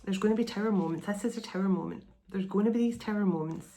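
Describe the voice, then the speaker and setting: A middle-aged woman gives a channeled spiritual reading as a tarot and oracle card reader. Her voice is medium-pitched, fast, and warm, and she meanders and repeats phrases in an earnest, reassuring way.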